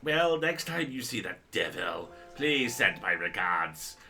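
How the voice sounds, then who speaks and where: Male streamer putting on a haughty old dame for a story game: slow, grand, theatrical, lively swoops in pitch. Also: soft background music, exaggerated voice. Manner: grand, drawn-out theatrical delivery. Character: haughty old woman feuding over pets.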